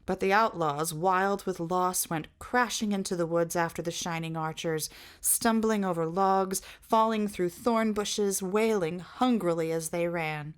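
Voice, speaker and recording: A woman's voice: lowish voice, a little slow, smooth. Woman reading a storybook aloud. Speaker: reader.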